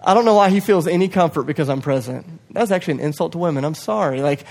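Young male pastor with a slightly high voice. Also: animated, fast, vocal fry, few pauses. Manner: passionate, swings from loud urging to hushed quiet; self-deprecating asides. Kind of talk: sermon. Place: church hall.

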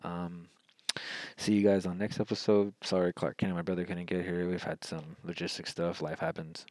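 A man's voice: sits low, level tone, moderate pace, a little mellow, no room sound, rough recording. A man hosting his own podcast, talking alone in a rambling way with frequent restarts. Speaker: podcast host. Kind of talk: solo political podcast monologue.

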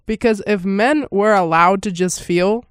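A woman's voice: medium pitch, a little slow, clear, resonant tone, no room sound, clean studio sound. A woman giving a casual first-reaction commentary on a film, rambling with lots of fillers and frequent laughter.

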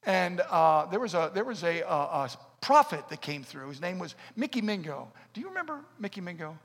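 A middle-aged man preaching a sermon and telling his own story, swinging between loud bursts and hushed asides. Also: high voice, big pitch swings, brisk, breathy edge. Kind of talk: sermon with personal testimony. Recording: echoey hall, long reverb.

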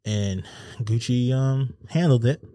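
A man's voice: mid-range voice, takes it slowly, warm tone, no echo. A man co-hosting a podcast, telling a story in loose slang with lots of fillers. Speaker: podcast co-host. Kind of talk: casual chat.

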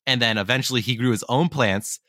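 Brief: storytelling podcast co-host, bright and crisp, dry close sound. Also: male voice, mid-range voice, brisk, no echo. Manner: rambling, self-correcting. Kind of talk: casual storytelling.

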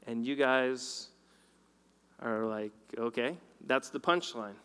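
A man preaching a sermon and telling a personal story, swinging between loud and hushed delivery. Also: medium pitch, a little slow, smooth. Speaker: pastor. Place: large hall with long reverb. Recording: reverberant hall recording.

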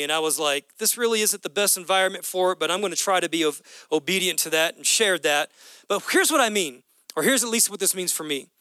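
A man in his thirties preaches a lively, conversational sermon, slipping into the dialogue he describes. His voice sits high and sounds bright and crisp. The sound is dry and close. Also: no echo. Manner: animated and conversational, acting out dialogue. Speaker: pastor.

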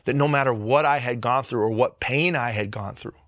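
A man's voice: medium pitch, brisk, a bit bright, dry recording, clean studio sound. A man giving a personal faith testimony, speaking earnestly and emotionally, with frequent repetitions and restarts.

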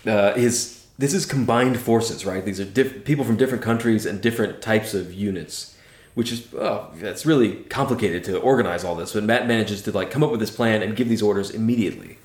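A man's voice: on the low side, fairly quick, darkish tone. Chatty man in a roomy echo. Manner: enthusiastic, laughs often. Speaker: podcast co-host. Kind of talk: casual book discussion.

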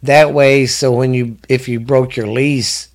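A man's voice: medium pitch, steady tone, a little slow. A middle-aged man from Texas, hosting a podcast and telling stories in casual chat, full of joking asides. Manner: joking, interrupts with playful asides. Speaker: podcast host.

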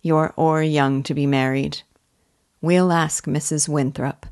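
A subdued old village weaver, slow and careful with every word, as a woman reader gives him voice. The voice is low and dry, close to the ear. He speaks gently and without hurry. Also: fairly even intonation, no echo. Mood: tender. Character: older male village weaver, subdued and tender.

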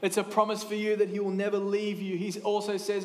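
A man in his thirties preaching a sermon in a lively, conversational way, with quick asides and restarts. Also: sits high, reverberant. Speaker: pastor.

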